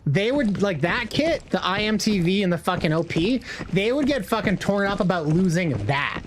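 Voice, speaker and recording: A man's voice: high-pitched, lively intonation, normal speed, background noise. A young man streaming a game, chatting casually in a rambling, slangy way with lots of swearing. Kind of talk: casual chat while gaming.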